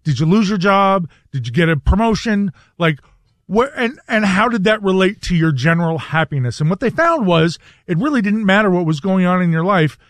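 A man co-hosting a radio talk show, delivering a reflective, earnest commentary in a measured way. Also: sits high, lively intonation, a bit bright, no echo.

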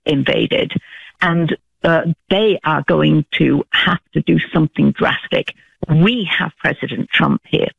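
A British woman calling in to a talk radio show, speaking earnestly and haltingly with many fillers. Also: on the low side, creaky, no room sound. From Britain. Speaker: caller. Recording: phone line.

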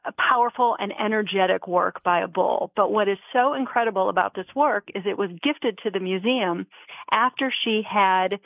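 A woman, a museum guest on a radio interview, explaining with measured enthusiasm. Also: medium pitch, creaky, no room sound. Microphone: phone line. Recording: tinny phone line.

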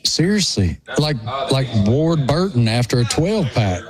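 A man with a rural Appalachian accent, chatting as a sports radio co-host in an animated, self-mocking way. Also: medium pitch, a little slow, crowd noise. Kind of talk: casual chat.

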